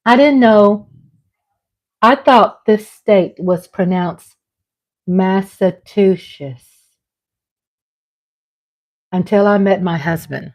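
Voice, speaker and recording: A woman's voice: medium pitch, slow. Chatty Southern woman vlogger. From Texas. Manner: chatty, laughs often, playful asides to her husband. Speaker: vlog host. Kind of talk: casual livestream chat.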